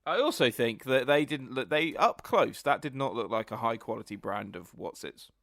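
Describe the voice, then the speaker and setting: A man's voice: medium pitch, creaky, no echo, studio quality. A man co-hosting a podcast, joking along and laughing as he chats casually about a film. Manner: animated, laughing, quick to joke along. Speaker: podcast co-host. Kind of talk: casual film review chat.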